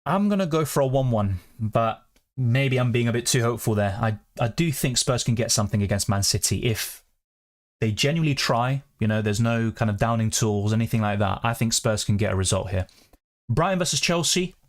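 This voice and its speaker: A young man hosting a live question-and-answer stream, chatting quickly and reading out viewer comments. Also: mid-range voice. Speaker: fantasy football streamer.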